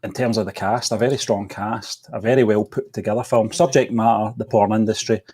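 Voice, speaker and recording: A man's voice: fairly low pitch, steady tone, a little fast, mellow, breathy edge. A man co-hosting a casual film chat over a remote call, hesitant, with frequent ums and laughs. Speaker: co-host.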